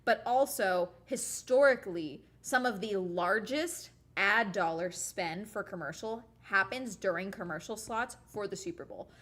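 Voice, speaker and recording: A woman's voice: medium pitch, a little slow, hardly any pauses, fairly bright tone. A young woman from the United States chatting casually on a livestream, rambling and sarcastic as she talks to her chat. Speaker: streamer.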